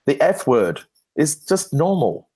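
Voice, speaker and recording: A man, a branding expert guest at a conference Q&A, telling lively anecdotes with self-deprecating humor and frequent restarts. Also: on the high side, slow, husky. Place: conference stage.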